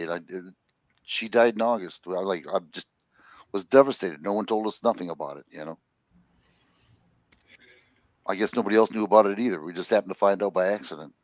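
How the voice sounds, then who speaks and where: A man's voice: lowish voice, brisk, pauses often, no echo, muffled recording. A man in his sixties rambling and joking in a casual group chat. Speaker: host. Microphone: phone.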